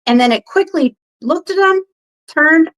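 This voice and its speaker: On lo-fi audio, a very high-pitched woman tells a story as a podcast guest at a measured pace. Her casual retelling wanders, packed with fillers, and she performs the quoted lines of others.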